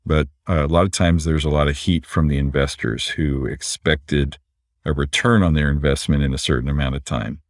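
A man, a physician and entrepreneur, explaining things in a relaxed conversational way and often tagging his points with "right?". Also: very deep voice, normal speed, dry recording, studio quality. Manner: relaxed, explanatory, frequent "right?" tag questions.

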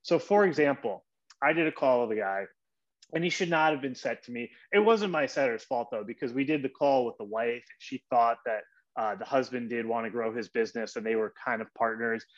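A man hosting his own podcast, giving an energetic coaching monologue and acting out short example voices. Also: medium pitch, fairly quick, highs cut off. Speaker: podcast host.

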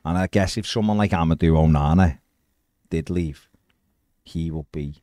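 Podcast co-host, male, very deep voice, relaxed football chatter, dry close sound. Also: moderate pace, no room sound. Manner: chatty, reads out viewer comments. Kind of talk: casual football chat.

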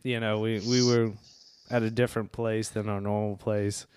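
A man chatting on a podcast, animated and profane, acting out what people said. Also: fairly low pitch, moderate pace, slight background noise. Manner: animated, profane, acts out quotes. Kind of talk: casual chat.

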